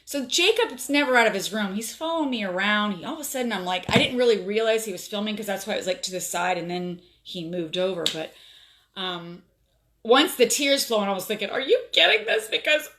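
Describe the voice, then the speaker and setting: Her medium-pitched voice is expressive, fairly quick and fairly bright as she hosts a casual home live stream from her phone. The South Florida woman tells a story loaded with fillers and feeling.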